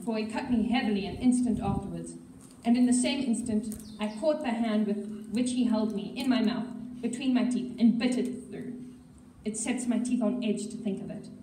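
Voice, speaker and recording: A woman reads a novel aloud at a school assembly with steady storytelling. Her voice is fairly high and mellow. It sounds distant and roomy, with faint background noise. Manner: steady storytelling with occasional slips. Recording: echoey hall, mic far off.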